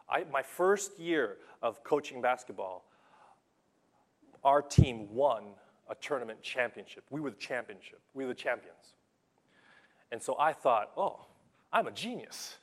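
A young adult man preaching a sermon in a conversational, animated way, telling stories from his coaching and acting out what people say. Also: mid-range voice, measured pace, long pauses. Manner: conversational, animated storytelling with acted-out quotes. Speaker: pastor and basketball coach.

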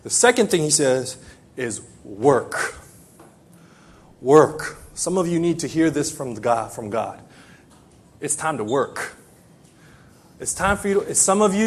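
Middle-aged male pastor, slightly high husky voice, lively sermon delivery. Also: unhurried, long pauses. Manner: animated, emphatic, repeats phrases.

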